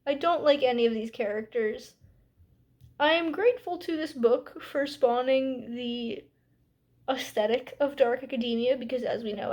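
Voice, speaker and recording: A woman's voice: fairly high pitch, a little mellow. A tired woman hosting a book club vlog, talking casually with sarcasm and exasperation, full of "like" fillers. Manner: chatty with many "like" fillers.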